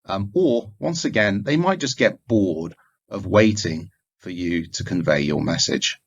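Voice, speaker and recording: A man giving a recorded lecture, explaining points in a measured way with occasional fillers. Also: on the low side, expressive, a little hiss or hum. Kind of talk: recorded lecture on communication skills. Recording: dull lo-fi recording.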